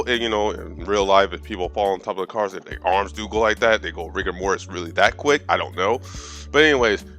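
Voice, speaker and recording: A man's voice: on the low side, a bit bright. A man in his thirties giving a profane, sarcastic movie review as a casual rant, with stumbling restarts. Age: 30s.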